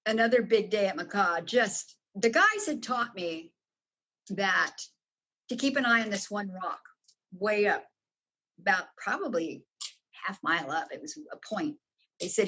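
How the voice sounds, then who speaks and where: A woman guest telling a story in casual, animated talk, swearing freely and jumping up in pitch when excited. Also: husky, poor audio. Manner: animated, profane, swoops high when excited.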